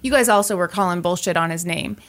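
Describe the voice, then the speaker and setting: A woman's voice: lowish voice, fast, a bit bright. A woman co-hosting a podcast, telling a story in casual chat and laughing often. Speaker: podcast co-host.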